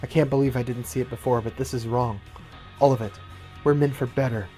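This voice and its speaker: A man voicing a disillusioned female sword fighter who speaks quietly and firmly. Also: medium pitch, steady tone, fairly quick, faint music behind, natural voice. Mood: resolute. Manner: quiet, resolute.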